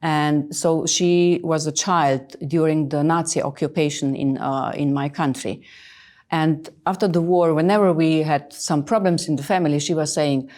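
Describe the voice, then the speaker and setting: A woman in her sixties answering interview questions earnestly, emphatic and often pausing with fillers. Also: deep voice, steady tone, darkish tone. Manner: emphatic, hesitant with many fillers. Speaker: interviewed official.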